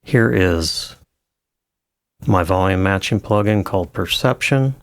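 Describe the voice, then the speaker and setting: A man with a low voice explains audio editing in a relaxed tutorial, with many fillers and restarts. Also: slow pace, no room sound, clean studio sound. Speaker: audio engineer teaching. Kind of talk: screen-recorded tutorial.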